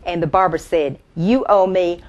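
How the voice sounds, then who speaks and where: A woman's voice: fairly low pitch, close to an everyday voice. A woman doing a folksy country comedienne. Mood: chatty. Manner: folksy, drawn-out storytelling with laughs at punchlines. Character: folksy Southern country comedienne, chatty and homespun. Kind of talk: stand-up storytelling impression.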